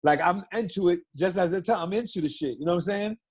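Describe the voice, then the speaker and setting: A middle-aged Brooklyn man, guesting on an interview, tells stories fast in a loose, profane, animated way and acts out the quotes. His voice sits high for a man, with a husky, slightly raspy grain.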